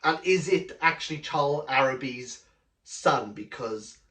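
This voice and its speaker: Animated woman reviewing a book. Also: a bass voice, unhurried. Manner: animated and gushing, frequent "like" fillers. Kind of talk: casual vlog chat. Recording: roomy, from a distance from the mic.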